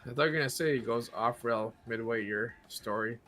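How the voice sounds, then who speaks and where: A man's voice: mid-range voice, fairly quick, bright, forceful tone. Guy gaming w buddies, crude jokey teasing, medium voice, faint music. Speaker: stream guest. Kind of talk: casual chat while gaming.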